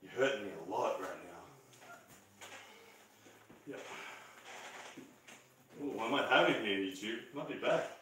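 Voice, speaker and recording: Excitable man in an echoey gym. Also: lowish voice, measured pace, pauses often, slight background noise. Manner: excitable, laughs often, bursts into shouts during matches. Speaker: arm wrestling coach streaming a training session. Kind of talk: casual live-stream chat while training. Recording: echoey room from far off.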